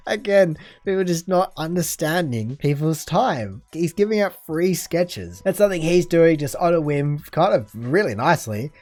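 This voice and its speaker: A man's voice: fairly high pitch, expressive, normal speed, hardly any pauses, darkish tone, no echo, soft background music. A man hosting a reaction video, reading posts aloud and mocking them with sarcastic, incredulous commentary. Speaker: reaction channel host.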